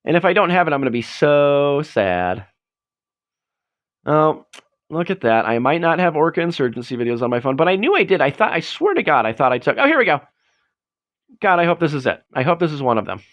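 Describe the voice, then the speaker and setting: A man's voice: a little high, sing-song, a little fast, a bit bright. A man hosting a livestream, chatting casually in a rambling, self-deprecating way. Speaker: livestream host. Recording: dull lo-fi stream audio.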